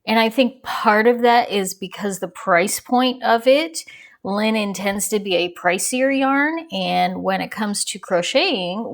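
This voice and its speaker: A woman's voice: medium pitch, creaky. A woman hosting a crochet channel, giving a casual yarn review in a chatty, rambling way that wanders off on tangents. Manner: chatty and rambling, digresses with small laughs.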